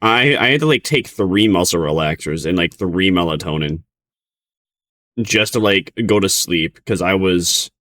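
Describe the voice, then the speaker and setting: Tired, rambling low-voiced man. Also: animated, measured pace, sharp tone. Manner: rambling, stumbling restarts, giggly. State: sleep-deprived, tired. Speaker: streamer reacting to a video. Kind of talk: casual reaction commentary.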